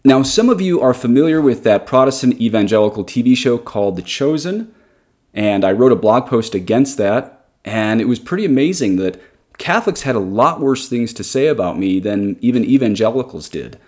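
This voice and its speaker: A man's voice: medium pitch, lively intonation, moderate pace, a little mellow. A man in his thirties, a Catholic priest, reading from a catechism and then commenting in an emphatic, argumentative way.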